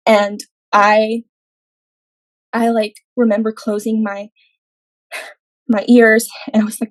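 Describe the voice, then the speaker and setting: A woman's voice: a little high, flat delivery, normal speed, pauses often, no room sound, rough recording. A young adult woman, a podcast guest, telling a personal faith testimony in an earnest way, acting out her own quoted words.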